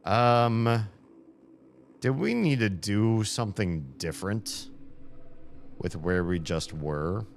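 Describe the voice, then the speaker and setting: A man's voice: fairly low pitch, lively intonation, slow, long pauses, slight background noise. An American man chatting casually on a live stream, earnest and reflective, drifting from thought to thought. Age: adult with children.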